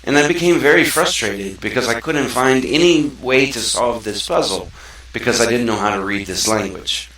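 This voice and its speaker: This is a casual talk-show monologue from a host hailing from South Mississippi, USA, who talks earnestly and conversationally, tending to ramble. He speaks at a normal speed with a medium-pitched, animated, fairly bright voice, recorded far from the mic in an echoey room.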